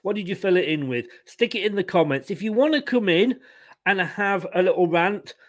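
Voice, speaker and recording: High-voiced exasperated man ranting. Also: lively intonation, moderate pace. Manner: exasperated, sarcastic, reads out viewer comments. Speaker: host of a football fan live stream. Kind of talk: ranting live-stream chat.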